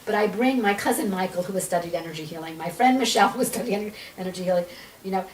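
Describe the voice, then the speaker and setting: An energy healer and author, interviewed on a podcast, tells an energetic story and acts out the quoted speech. Her mid-range voice goes very fast, with a little hiss or hum, echo from the room, and a mic placed a bit far off.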